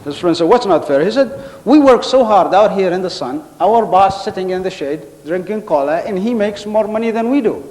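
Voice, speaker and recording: Man, high voice, comic speechmaker doing characters, big reverberant hall. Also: expressive, fairly quick, hardly any pauses, darkish tone. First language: Arabic. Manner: storytelling, acting out quoted characters. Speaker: contest speaker. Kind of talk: humorous public speech. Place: large hall on stage.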